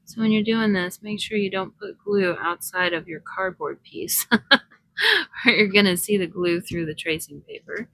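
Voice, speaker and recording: A woman narrates her crafting in an easy, unhurried way, musing aloud as she decides where each piece goes. Her voice is bright with a gravelly fry running through it, and she takes her time over every phrase. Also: medium pitch, animated, dry recording, low-quality recording. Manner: chatty, thinking aloud while working, soft laughs. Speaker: crafting vlogger. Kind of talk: casual crafting commentary.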